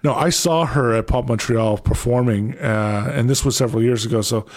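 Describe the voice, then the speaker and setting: A man with a Canadian accent, hosting his last radio show in a studio and telling stories in a rambling, excitable way with many restarts. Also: medium pitch, normal speed. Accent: Canadian English. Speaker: departing radio show host. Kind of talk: casual radio interview.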